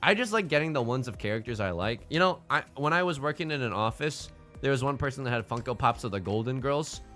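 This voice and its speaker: A man's voice: mid-range voice, animated, fast talker, fairly bright tone, soft background music. A young man chatting casually on a livestream while he plays, joking and rambling through playful asides. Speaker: streamer.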